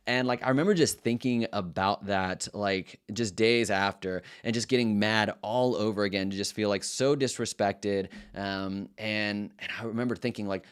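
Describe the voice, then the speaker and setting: A male middle school teacher shares classroom stories in a relaxed, reflective way. His voice sits on the low side, and he trips over his words and restarts them as he thinks aloud. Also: moderate pace, hardly any pauses, clean tone. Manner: earnest and reflective, loose with many restarts. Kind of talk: casual storytelling to camera.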